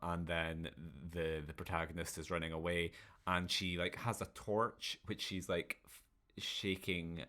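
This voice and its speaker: A man from England with a fairly low voice co-hosts a casual film podcast. He talks in an animated, sweary way and keeps acting out the characters in mocking voices. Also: a little slow. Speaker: podcast co-host. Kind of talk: casual film review chat.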